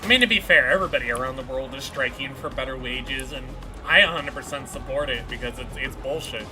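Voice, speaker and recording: A male streamer talks casually while he plays, wandering from point to point and dropping curses as he goes. His voice sits at an ordinary middle pitch. Game music plays clearly underneath his talk. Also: fairly quick. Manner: rambling, profane, offhand. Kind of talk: casual chat while gaming.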